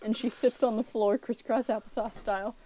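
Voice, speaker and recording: A woman's voice: on the high side, fairly even intonation, fairly quick, a crowd in the background. A woman acting as game master, narrating a tabletop game with playful, laughing asides.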